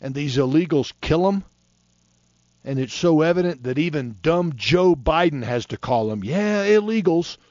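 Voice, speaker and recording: A man's voice: fairly high pitch, moderate pace, darkish tone, no room sound. A man in his fifties from Florida, preaching a fiery sermon in a folksy, impassioned way, in a dull, dry lo-fi recording. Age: 50s.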